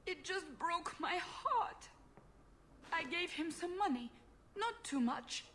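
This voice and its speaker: A woman's voice: extremely high pitch, lively intonation, takes it slowly, a bit bright, a little hiss or hum, exaggerated voice. An actress voicing a fussy, doting aristocratic mother in a video game, with a theatrical manner. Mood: fretful. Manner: fluttery, theatrical, self-pitying.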